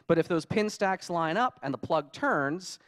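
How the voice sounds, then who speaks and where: A man giving a conference talk, telling lively stories and acting out his own frustrated quotes. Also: fairly high pitch, measured pace. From United States. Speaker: conference speaker. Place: conference hall.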